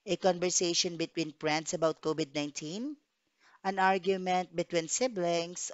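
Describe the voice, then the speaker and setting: A woman's voice: lowish voice, clear, resonant tone, dry recording. A woman English teacher giving a recorded lesson, explaining tasks step by step and checking in with "okay". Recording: dull dry recording.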